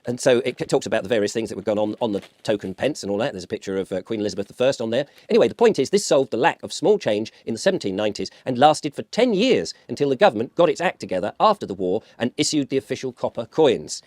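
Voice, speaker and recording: A British man in a wry, sarcastic monologue, now and then acting out little scenes. He talks quickly with a lively, rising and falling pitch. The recording is close and dry. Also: no echo. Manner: acts out little scenes in put-on voices. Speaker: vlogger. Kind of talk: conversational monologue.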